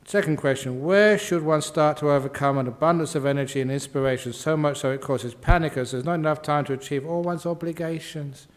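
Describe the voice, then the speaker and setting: A man's voice: on the high side, brisk, hardly any pauses. An older man, a Buddhist monk answering questions in a humorous dharma talk, playfully acting out quotes and sound effects.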